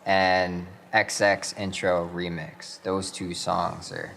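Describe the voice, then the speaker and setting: Young man, very low voice, relaxed radio guest, faint background hum. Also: takes it slowly, creaky. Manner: relaxed, chatty, many fillers. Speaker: rapper guest. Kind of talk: casual radio interview.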